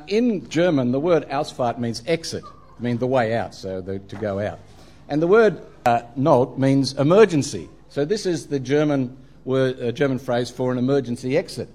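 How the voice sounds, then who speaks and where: Australian male preacher, middle-aged, mid-pitched, loose anecdotal sermon delivery. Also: darkish tone, a little hiss or hum. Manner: humorous storytelling, frequent ums and uhs.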